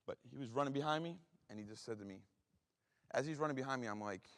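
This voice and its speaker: A man's voice: mid-range voice, a bit bright, clear, resonant tone. A man in his forties with an East Coast accent, telling blunt, heavily profane stories as a guest speaker. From Philadelphia. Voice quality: blunt, heavily profane, rapid street talk. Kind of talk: storytelling talk. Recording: reverberant hall.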